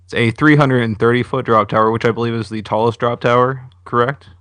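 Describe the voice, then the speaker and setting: A man hosting a theme-park podcast, chatting casually and passing on news in a steady, informative way. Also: mid-range voice, brisk, no room sound. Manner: steady, informative, flat delivery. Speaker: podcast host. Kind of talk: casual chat.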